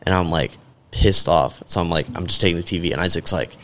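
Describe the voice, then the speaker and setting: A man's voice: sits low, fairly quick, fairly bright tone. A man in casual podcast chat, telling a rambling, profane story full of fillers.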